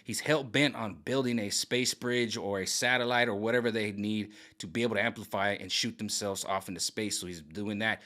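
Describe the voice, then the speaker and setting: A man casually pitching his own version of a film's story. He rambles, searches for words with many fillers, and keeps checking in with "right?" and "okay?". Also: bright, forceful tone. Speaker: fan video creator. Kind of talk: casual pitch of a film rewrite.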